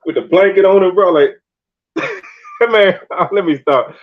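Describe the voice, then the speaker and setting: A man hosting a casual sports chat, telling animated stories and laughing often. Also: high-pitched, unhurried, narrow, tinny audio. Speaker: podcast host.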